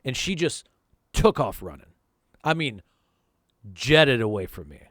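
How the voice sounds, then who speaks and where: Storytime vlogger from North Carolina, animated pitch, casual and swearing, dry close sound. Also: male voice, unhurried, no echo. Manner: profane, conversational, emphatic. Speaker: vlog host telling a personal story.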